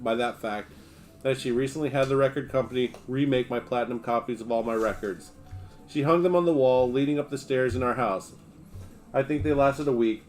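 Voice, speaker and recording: On his livestream, a man with a mid-range voice reads from a memoir, keeping his first-person delivery steady and relaxed.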